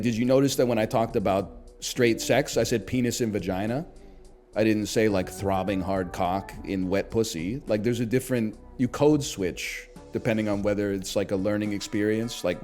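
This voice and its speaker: A man streaming a game and chatting casually, animated and joking, with frequent swearing. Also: mid-range voice. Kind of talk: casual chat while gaming.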